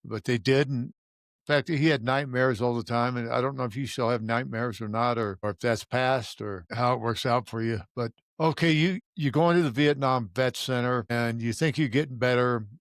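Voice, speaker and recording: A man's voice: mid-range voice, moderate pace, dry recording, studio quality. Older male host, casual chat. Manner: conversational, agreeable, frequent fillers. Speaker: podcast host, navy veteran.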